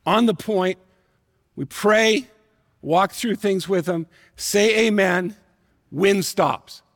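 A man preaching a sermon, telling a personal story in an earnest, emotional way and slowing down for emphasis. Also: high voice, long reverb tail. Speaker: pastor. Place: church sanctuary.

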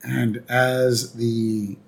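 A man's voice: medium pitch, little pitch movement, extremely slow, vocal fry. A man casually narrating a cartoon episode as a podcast co-host, acting out short quotes. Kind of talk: casual episode recap chat.

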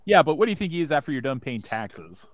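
A man joking around on a casual talk show, with a lively, bouncy voice. The sound is dry and close, and he drops teasing asides into the conversation. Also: fairly high pitch, fast, dry recording. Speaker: podcast co-host. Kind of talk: casual chat.

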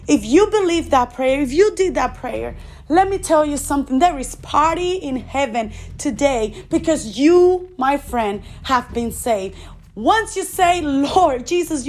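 A woman with a high, slightly mellow voice preaches earnestly in a recorded sermon. She poses rhetorical questions, then leads listeners in prayer during an altar call.

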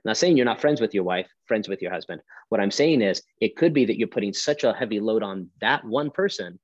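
Brief: male pastor guest, low voice, emphatic preaching cadence, dull lo-fi sound. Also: lively intonation, a little fast, no echo. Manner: emphatic, preacherly, rhetorical questions. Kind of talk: podcast conversation.

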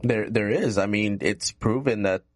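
A man's voice: on the low side, measured pace, dry recording. A man co-hosting a casual political chat podcast, speaking plainly and often chiming in with short replies. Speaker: podcast co-host.

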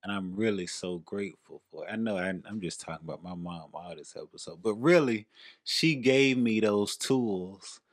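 Southern guy cohosting a couples podcast, lowish voice, acts out the voices in his stories. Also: moderate pace, no echo, clean studio sound. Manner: animated storyteller, acts out quoted voices. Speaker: podcast co-host. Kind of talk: casual couple chat.

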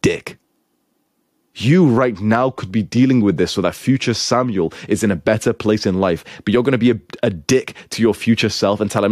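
A man's voice: on the low side, moderate pace, a little mellow, no room sound, clean studio sound. A young man giving blunt, profane dating advice in a lecturing, scolding manner.

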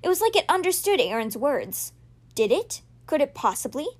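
A woman hosting a podcast, reading a children's novel aloud with expressive storytelling. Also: high-pitched, moderate pace. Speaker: podcast reader.

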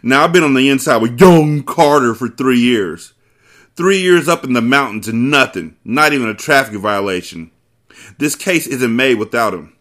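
A bright, forceful male voice reading a novel chapter aloud for a book-club podcast. He breaks off for profane, sarcastic asides. His delivery stays loose and comic. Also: medium pitch, animated, moderate pace. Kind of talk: comic read-aloud with commentary.

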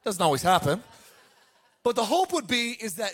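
A male pastor in middle age delivers a sermon in a high, bright-sitting voice. He tells family stories with lively energy and keeps drawing the congregation in with calls to respond. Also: normal speed, slightly rough. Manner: animated storytelling, calls to the congregation.

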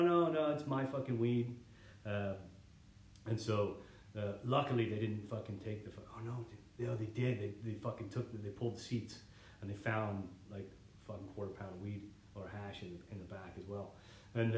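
Young man, casual rambling storyteller, swears a lot, echoey room. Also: lowish voice. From Canada. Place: living room.

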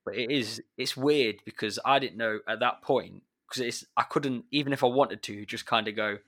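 A man, a secondary school maths teacher, talking in a relaxed chat and acting out his pupils as he tells stories. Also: mid-range voice, moderate pace. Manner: chatty, animated when retelling pupils. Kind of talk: casual chat.

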